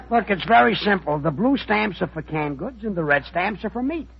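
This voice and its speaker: A man with a raspy, gravelly voice plays the patient straight man in a 1940s radio comedy. He is halting and lively in pitch. The recording sounds dull and dated. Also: very noisy.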